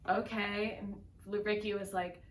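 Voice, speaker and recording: A woman's voice: medium pitch, little pitch movement, unhurried. A young woman co-hosting a casual chat, recapping a sitcom episode and acting out the characters' lines in put-on voices. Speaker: podcast co-host. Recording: echoey room, distant from the mic, faint noise.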